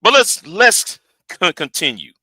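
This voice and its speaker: A man hosting a livestream argues his points in a high, lively voice that swoops up and down. His tone is very bright and cutting, and the sound is close and dry with no room around it. He talks straight to his viewers. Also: unhurried, no echo. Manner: animated, argumentative, talks straight to his audience. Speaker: livestream host. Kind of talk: livestream commentary.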